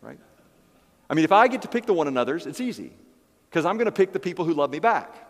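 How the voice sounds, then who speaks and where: A man's voice: a little high, very animated, fast, long reverb tail. A man preaching a sermon as pastor, emphatic and fond of repeating key phrases. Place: church.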